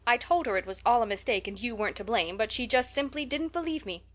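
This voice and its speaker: A woman reading aloud and voicing a stern, sharp-tongued older spinster who scolds briskly. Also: fairly high pitch, expressive. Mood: exasperated.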